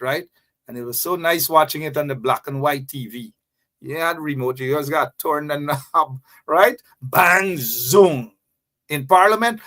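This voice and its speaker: A man's voice: fairly high pitch, a bit bright. A man hosting political commentary, mocking in a sing-song, repetitive way.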